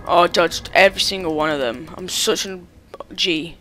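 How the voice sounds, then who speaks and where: A gamer giving let's-play commentary, excitable and quickly exasperated, talking back to the game as they play. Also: medium pitch, slight background noise. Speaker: gamer playing through a game.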